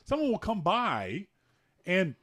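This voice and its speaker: A man's voice: high voice, wildly swooping pitch, slow pace, a bit bright. A middle-aged man with a Canadian accent, hosting a casual podcast chat, joking and mock-exasperated. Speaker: podcast host.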